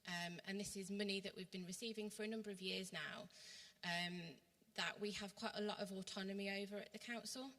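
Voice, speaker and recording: A woman's voice: mid-range voice, fairly even intonation, brisk, a bit bright. A woman with a West Midlands English accent giving an earnest workshop talk as a council worker, with many ums and restarts. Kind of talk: workshop presentation. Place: church hall. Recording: long reverb from a hall.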